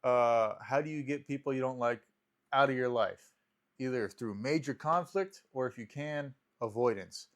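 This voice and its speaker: A man's voice: mid-range voice, normal speed. Dry-joking man retelling movie scenes. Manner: dry joking, storytelling that acts out characters. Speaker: podcast co-host. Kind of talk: casual chat.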